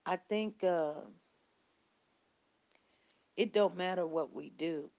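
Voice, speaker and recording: A woman vlogger with a fairly low voice speaks slowly in casual live-stream commentary. She tells stories to her viewers and answers their comments in an animated, conversational way, repeating her points.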